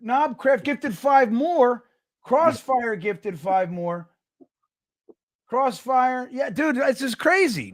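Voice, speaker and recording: Excitable New Jersey guy, lively high voice. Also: no echo, studio quality. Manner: loud, excitable storyteller, laughs often. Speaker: podcast host. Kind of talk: casual livestream chat.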